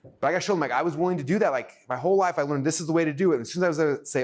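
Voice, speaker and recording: A man teaching a live workshop to an audience, energetic and excitable, acting out his own thoughts as he goes. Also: fairly high pitch, very fast.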